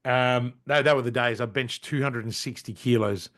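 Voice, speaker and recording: Bright-voiced animated man in his forties. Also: medium pitch, normal speed. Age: 40s. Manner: animated storyteller, swears casually, says "mate" and "right?". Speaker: podcast guest. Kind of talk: casual interview chat.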